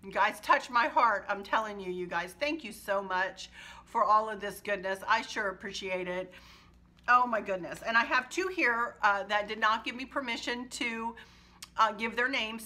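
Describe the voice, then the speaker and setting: A woman's voice: medium pitch, normal speed, bright, forceful tone. A woman hosting her home decor channel, chatting casually and emotionally to viewers and laughing often.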